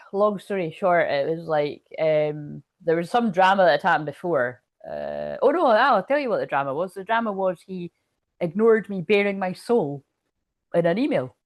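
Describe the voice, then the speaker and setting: A woman's voice: on the low side, expressive, normal speed, no room sound. A woman doing casual live-stream chat as a spiritual reader, telling a rambling story full of swearing.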